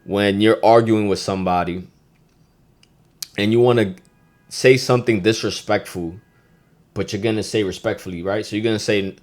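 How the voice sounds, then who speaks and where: A man with a New York accent hosting a podcast, teaching slang in a loose, profane, animated way and getting loud when he acts out phrases. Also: low voice, moderate pace. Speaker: podcast host. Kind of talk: casual podcast lesson.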